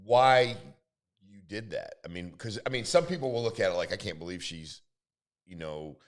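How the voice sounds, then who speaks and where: Deep-voiced male talk show host. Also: normal speed. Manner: asks questions in a relaxed, searching way. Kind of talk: casual interview.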